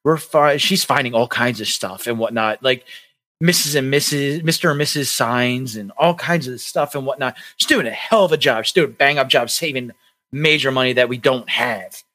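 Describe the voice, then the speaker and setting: A man's voice: medium pitch, normal speed, bright, forceful tone. A young man co-hosting a podcast, telling a rambling story with many restarts. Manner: rambling, lots of likes and restarts. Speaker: podcast co-host.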